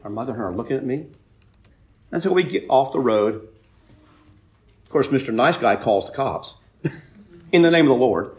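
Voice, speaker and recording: A man preaching a sermon, telling a personal story with loud emphatic bursts and quiet asides. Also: medium pitch, animated, moderate pace, pauses often. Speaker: pastor.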